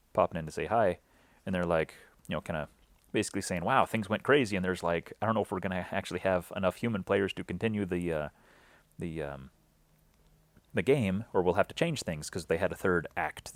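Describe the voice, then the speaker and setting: A man's voice: sits low, no echo. Rambling man recapping an event. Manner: rambling, many fillers and restarts, acts out quoted dialogue.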